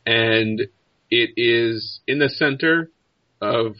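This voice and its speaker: A man's voice: mid-range voice, takes it slowly, no echo. Man narrating as game master, lo-fi. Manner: loose, descriptive narration with restarts. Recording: slightly dull lo-fi recording.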